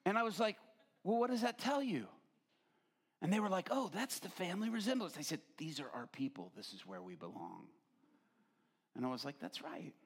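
Middle-aged male pastor, lively sermon delivery, voice sits on the high side and pushes loud at peaks. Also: normal speed, pauses often, husky. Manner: animated storytelling, rising to near-shouts.

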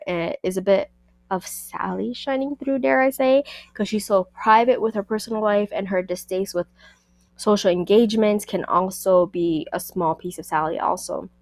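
A woman hosts a casual book review podcast and talks back to the characters with plenty of sass. Her voice sits at a middle pitch and is recorded close and dry, with no room sound. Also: dry recording.

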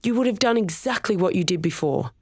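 A narrator voicing a hotheaded young man yelling and swearing at a rival in an audiobook. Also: mid-range voice, expressive, fairly quick, no echo, clean studio sound, voice pushed up. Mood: furious.

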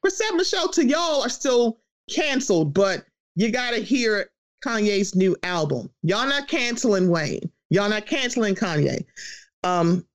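A podcast host in a loose, opinionated conversation. The voice sits at a middling pitch and talks with a lot of swearing. It keeps jumping into mock voices to act out what other people say. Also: measured pace. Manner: animated, profane, acts out quoted voices. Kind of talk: casual opinion chat.

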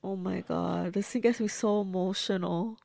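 A woman movie reviewer gives casual reaction commentary as she watches a film, gushing, blunt, and talking back at the screen. Her medium-pitched voice is darkish with vocal fry, delivered in a steady tone at a moderate pace.

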